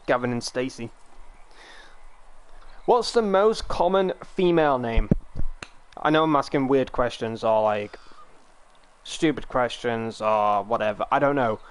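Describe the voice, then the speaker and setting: Young man, from the UK, game streamer, rambling casual chat, mid-pitched voice. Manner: rambling, chatty, talks to viewers while playing.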